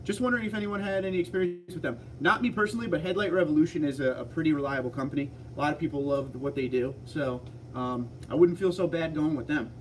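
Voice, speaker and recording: A man hosting a casual livestream, answering viewer comments in a relaxed, chatty way. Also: on the high side, quick pace, far from the mic, a little hiss or hum. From Pennsylvania. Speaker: livestream host reading chat. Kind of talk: casual live chat.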